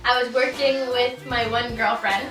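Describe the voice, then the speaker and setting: A woman guest on a podcast, telling a serving story in a quick, laughing, excitable way. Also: a little high. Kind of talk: casual storytelling chat. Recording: echoey room, distant mic, faint music.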